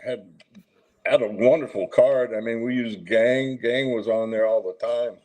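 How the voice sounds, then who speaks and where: A man's voice: medium pitch, a little slow, low-quality recording. Easygoing man telling old stories. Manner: relaxed anecdotal storytelling with laughs. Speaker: guest. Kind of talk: casual storytelling chat.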